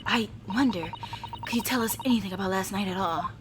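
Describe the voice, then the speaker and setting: Polite young male lawyer, voiced by a woman: formal, inquisitive, with steady background noise. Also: mid-range voice, a little fast, natural voice. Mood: questioning.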